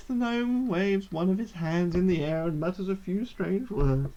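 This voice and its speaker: On a charity livestream, a woman plays a game and reads it aloud, reacting loudly with exclamations and swearing. Her voice is lowish and unhurried, and the stream audio is dull and lo-fi with a little hiss or hum.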